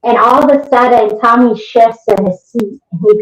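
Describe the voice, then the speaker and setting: A woman telling a story as an interview guest, lively and vivid. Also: on the high side, moderate pace, hardly any pauses. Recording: roomy, muffled remote recording.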